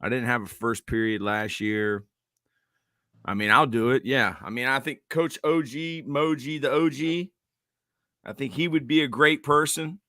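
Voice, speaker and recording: A man's voice: mid-range voice, unhurried, pushed and bright, no room sound, studio quality. A man co-hosting a coaching podcast, talking in an easygoing, storytelling way. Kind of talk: casual chat.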